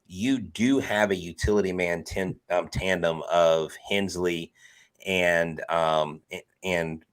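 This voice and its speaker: A man's voice: sits low, steady tone, takes it slowly, smooth. A man, a guest on a sports podcast, chatting casually and earnestly, often repeating words as he thinks.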